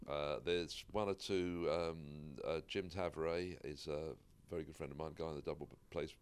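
A man's voice: rumbling low, steady tone, normal speed, smooth. A British comedian, a man who now lives in the Midwest, chatting casually on a podcast with a self-deprecating, laughing manner. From United Kingdom. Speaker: stand-up comedian, podcast guest. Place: Michigan-based.

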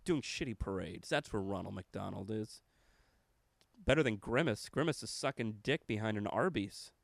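Profane, animated man riffing. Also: lowish voice, normal speed, gravelly, no echo, clean studio sound. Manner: profane, rambling, expressive. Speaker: comedian and podcast host. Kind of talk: casual chat.

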